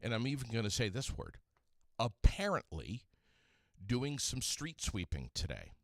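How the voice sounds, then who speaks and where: A man's voice: medium pitch, wildly swooping pitch, moderate pace, dry recording, clean studio sound. A man hosting a local radio show, reading ads and road news in an emphatic way, repeating words for effect. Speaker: radio host. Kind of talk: local radio chat with ad reads.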